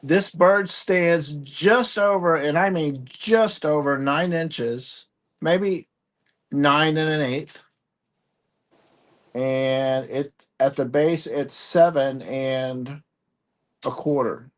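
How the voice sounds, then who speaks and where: A man hosting a live online sale, joking and describing items deliberately. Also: on the high side. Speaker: auction host.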